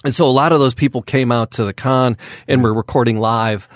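A man's voice: mid-range voice, a little fast, dry recording. A man hosting a podcast, chatting casually in a studio, rambling with many fillers and restarts. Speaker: podcast host. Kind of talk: casual chat.

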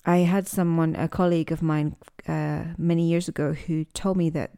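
Mellow-voiced woman teaching English, thoughtful. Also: low-pitched, level tone, normal speed, smooth. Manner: thoughtful, searching for words, frequent restarts. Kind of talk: podcast lesson, unscripted talk.

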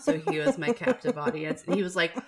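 A woman co-hosting a book podcast, telling stories in animated casual chat and laughing often. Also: on the low side, fast talker. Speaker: podcast co-host.

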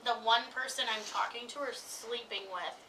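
A woman co-hosting a podcast, telling a story in casual chat, animated and laughing often as she acts out what others said. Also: a little high, moderate pace, far from the mic, a little hiss or hum, poor audio. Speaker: podcast co-host.

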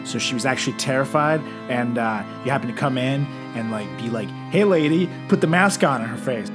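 At home over a podcast setup, a male co-host with a mid-range voice chats briskly while music plays in the background. It's casual comedic talk, and he spins crude jokes and absurd tall tales.

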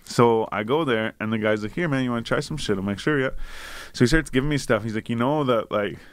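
A man's voice: mid-range voice, fast, no echo. A young man casually telling a long, profane, rambling anecdote. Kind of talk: casual chat, storytelling.

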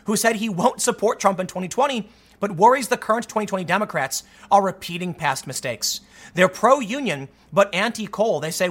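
A man's voice: sits high, a bit bright. A man giving solo political commentary, reading news excerpts aloud and reacting with emphatic, rhetorical asides.

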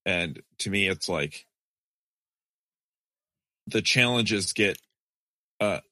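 A man's voice: low voice, drawn-out words, bright, forceful tone, no echo. A laid-back man in his forties chatting wryly about raising kids. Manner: laid-back, wry, laughs at himself. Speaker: podcast co-host. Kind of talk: casual chat.

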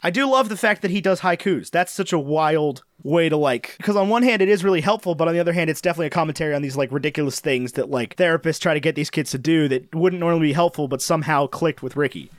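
A man co-hosting a podcast, chatting loosely and joking as he rambles. His voice sits somewhat high, and the recording is dry and close with no room sound. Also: fast talker, hardly any pauses, dry recording. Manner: joking, rambling, tries accent impressions. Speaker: podcast co-host. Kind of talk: casual chat.

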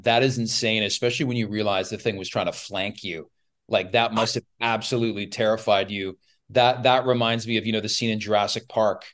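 A man hosting a casual interview, excitable, swearing freely and saying "dude.". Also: fairly low pitch. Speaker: podcast host.

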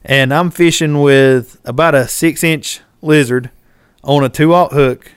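A man, casually telling a lively story on a podcast. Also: on the high side, slow, clear, resonant tone, no echo, studio quality. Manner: animated, laughing, shouts when retelling.

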